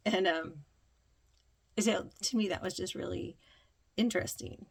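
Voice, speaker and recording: Slow, husky woman with vocal fry. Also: lowish voice. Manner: slow, dreamy, breathy with frequent ums and laughter. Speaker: spiritual vlogger. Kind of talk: reflective personal storytelling.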